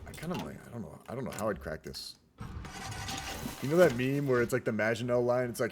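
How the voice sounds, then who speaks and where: A man's voice: mid-range voice, big pitch swings, fairly quick, a little hiss or hum. A young man giving casual, rambling commentary on a multiplayer strategy game, often saying "y'all". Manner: chatty, rambling, says "y'all". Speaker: game caster.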